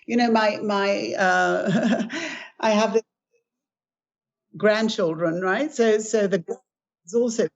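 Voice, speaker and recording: A woman's voice: medium pitch, slow pace, pauses often. An older woman, a guest author, earnestly teaching about spiritual acceptance and telling stories in conversation. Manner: earnest, storytelling with acted quotes. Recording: dull lo-fi recording.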